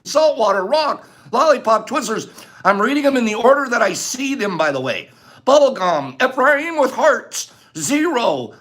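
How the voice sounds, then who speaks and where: An older man hosting a live stream, excitably rattling off viewers' answers and laughing often. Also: very high-pitched. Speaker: live-stream host reading viewer comments. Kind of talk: lively live-stream chat.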